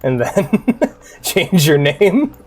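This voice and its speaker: A man's voice: fairly high pitch, very animated, drawn-out words, husky, soft background music. Man rambling casually on a game stream. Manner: rambling, profane, chatty with chat. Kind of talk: casual gaming stream chat.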